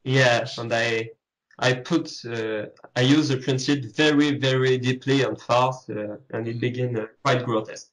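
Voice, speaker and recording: A man with a French accent, a French native speaker, answering as an interview guest and pausing to search for English words. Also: mid-range voice, steady tone, poor audio. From France. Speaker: guest, comic artist.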